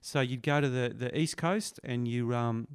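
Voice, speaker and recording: A man's voice: medium pitch, moderate pace, smooth, no echo, studio quality. A man on a radio show, telling fishing stories in a casual, rambling way full of fillers. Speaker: radio guest, fishing talk. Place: radio studio. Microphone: studio microphone.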